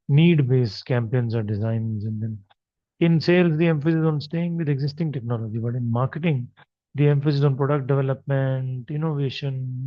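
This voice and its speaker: A man's voice: medium pitch, no echo. A male marketing lecturer with an Indian English accent, explaining slides unscripted with frequent fillers. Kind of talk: recorded lecture over slides. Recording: dry, slightly dull recording.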